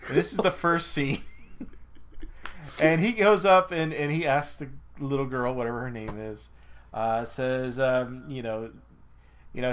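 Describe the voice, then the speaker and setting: A man's voice: mid-range voice, unhurried, long pauses, slight background noise. A man co-hosting a podcast in casual chat, rambling with frequent laughs. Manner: rambling, many fillers and restarts, laughs while talking. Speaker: podcast co-host.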